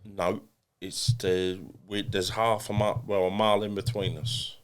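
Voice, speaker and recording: A man's voice: fairly low pitch, little pitch movement, normal speed. An English man, a boxer and podcast guest, talking bluntly and self-deprecatingly with many restarts. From England. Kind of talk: casual podcast interview.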